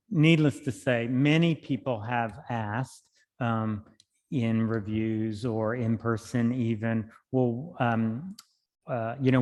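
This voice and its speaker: A male poet giving a reading, speaking in an unhurried, thoughtful way between and through his poems. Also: medium pitch. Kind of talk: poetry reading with spoken commentary. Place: library hall. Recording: long hall reverb.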